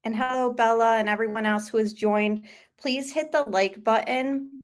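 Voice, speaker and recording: A woman's voice: fairly high pitch, moderate pace. A woman hosting a true crime channel, talking casually over a replayed call-in show and greeting her live chat. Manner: chatty, reacts to live chat.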